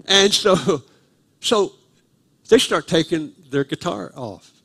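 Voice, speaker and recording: Older man guest preacher, slightly high voice, dry self-mocking humor, live church sermon. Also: expressive, slow, vocal fry, sharp tone, breathy edge. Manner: humorous, self-deprecating storyteller. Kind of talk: storytelling sermon. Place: church sanctuary, live service.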